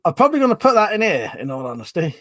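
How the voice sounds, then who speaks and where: A man hosting a casual live stream, chatting and greeting viewers by name, with loud greetings and quieter mumbled asides. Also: high-pitched, very animated, very fast, dry recording.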